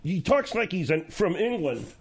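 Guy doing a goofy high-pitched sidekick, drawls, lively pitch, bit off mic. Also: normal speed, slightly rough, exaggerated voice. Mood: dopey.

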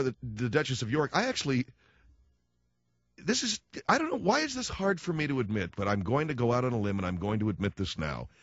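A man's voice: mid-range voice, dry recording. A man hosting a radio talk show, rambling through a sarcastic, self-mocking comedic monologue. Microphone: studio microphone. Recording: dry, dull lo-fi radio studio.

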